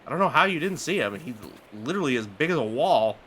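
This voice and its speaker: A man's voice: fairly high pitch, very animated, fast talker, pushed and bright, a little hiss or hum. A man streaming a game live, joking, swearing and muttering to himself as he plays. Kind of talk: live gameplay commentary.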